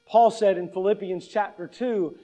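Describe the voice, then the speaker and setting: Male pastor, high-pitched voice, conversational sermon, rhetorical questions, humorous stories. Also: steady tone, normal speed, dark tone, rough recording. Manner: conversational, asks the congregation questions; humorous everyday anecdotes.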